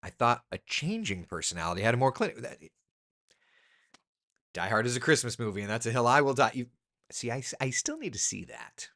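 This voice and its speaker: This man, a meteorologist hosting a relaxed live chat, goes through viewer comments and weighs in with his views. He talks fairly quickly in a sing-song, slightly bright voice, pitch shooting up sharply as he makes his points.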